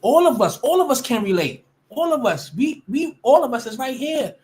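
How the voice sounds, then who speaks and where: A woman's voice: high voice, big pitch swings, moderate pace, darkish tone. A woman ranting casually to her viewers, blunt and profane, often restarting her sentences. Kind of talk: casual rant to camera.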